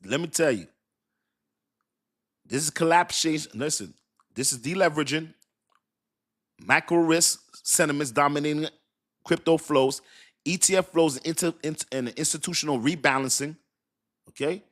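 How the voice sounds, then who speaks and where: Animated man in his fifties, chatty and loose. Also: fairly high pitch, normal speed, pauses often. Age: 50s. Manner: animated, repetitive, slangy, laughs often. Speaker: crypto livestream host. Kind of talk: casual live-stream talk.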